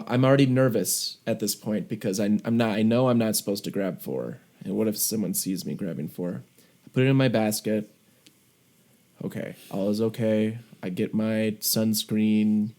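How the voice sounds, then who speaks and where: Male podcast co-host, low-ish voice, casual anecdotal delivery. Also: mellow. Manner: chatty anecdotal storytelling. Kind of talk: casual chat. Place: recording remotely on his own end.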